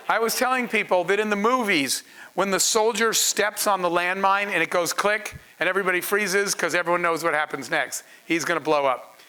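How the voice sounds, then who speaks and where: A man, a startup founder, telling stories to an audience in an animated way, laughing and acting out dialogue. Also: sits high, smooth, low-quality recording. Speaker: startup founder and panel speaker. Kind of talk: storytelling talk to an audience.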